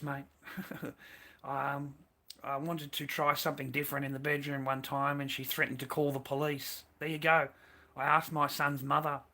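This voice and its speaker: A man delivers a crude, profanity-laced ramble as a stream host. His voice is bright and forceful, with a mid-range pitch.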